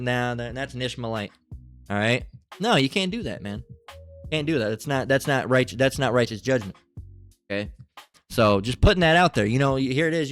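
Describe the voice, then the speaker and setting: A man's voice: medium pitch, fairly bright tone. A man giving a casual, rambling religious monologue, full of repeated "all right"s, restarts and the odd curse word. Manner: rambling, repetitive, profane, fillers like "all right". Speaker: religious commentator.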